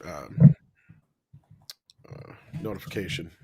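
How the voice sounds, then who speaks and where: Low-voiced joking male co-host. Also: slow, warm tone, husky. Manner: joking, chuckles between remarks. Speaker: co-host of an online entertainment news show. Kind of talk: casual live-stream chat.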